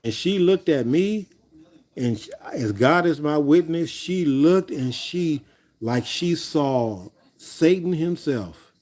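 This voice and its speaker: A man's voice: on the high side, animated, slow, a little mellow. A man hosting a livestream, casually telling stories to his viewers in a rambling way, repeating words as he goes and talking straight to his audience. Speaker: livestream host. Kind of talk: casual storytelling to a live chat.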